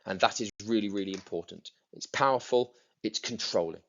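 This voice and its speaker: A man's voice: fairly low pitch, a little fast, creaky, a bit bright, muffled recording. A male teacher walking students through a poem, stressing words by repeating them and tapping out rhythms. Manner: explanatory, repeats words for emphasis, taps out rhythms. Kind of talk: recorded lesson for students.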